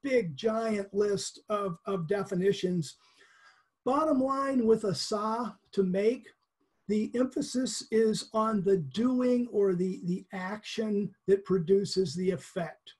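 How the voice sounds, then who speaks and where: Casual Bible teacher: husky, warm tone, chatty and explanatory, chuckles often. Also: mid-range voice, slow pace. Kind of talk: conversational Bible lesson.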